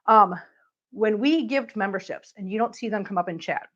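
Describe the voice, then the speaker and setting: A woman's voice: mid-range voice, normal speed, a bit bright. A woman hosting a casual livestream, chatting with viewers and cooing baby talk at her cats. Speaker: channel host. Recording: dull lo-fi sound.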